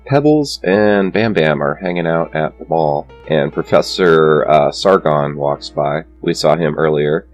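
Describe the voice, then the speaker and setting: A young man with a very deep, low voice chats loosely through a comic book recap. He chuckles often and wanders through his sentences with lots of "uh" and "like," while faint guitar music plays behind him. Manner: laughs often, rambling with many fillers. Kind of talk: casual comic review.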